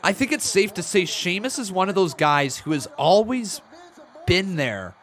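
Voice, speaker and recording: A man hosting a casual live stream, reacting to the action, calling moves and counting along excitedly. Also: high voice, moderate pace. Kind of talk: casual watch-along commentary.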